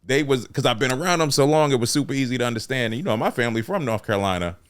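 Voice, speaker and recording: A man from New York, a guest on a casual podcast, speaking in a measured, thoughtful way and listing his points. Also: medium pitch, animated, smooth. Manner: measured, thoughtful, lists things out. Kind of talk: casual chat.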